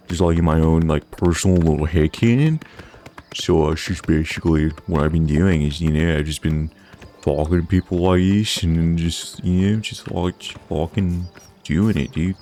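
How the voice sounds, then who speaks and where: Very deep-voiced young man rambling. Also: moderate pace, darkish tone. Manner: rambling, heavy use of filler words. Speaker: gaming channel host. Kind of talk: casual chat over gameplay.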